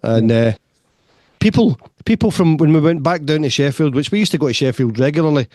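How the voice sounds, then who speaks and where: A man's voice: fairly high pitch, expressive, brisk, warm tone, no room sound, clean studio sound. A middle-aged man with a west of Scotland accent, a guest chatting casually on a podcast, agreeable and full of short affirmations. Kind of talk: casual chat.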